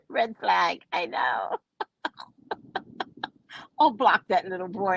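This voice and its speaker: A woman host telling a story in casual chat, mocking and animated, laughing often and jumping high when exasperated. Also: unhurried, vocal fry, long pauses, husky. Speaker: podcast host.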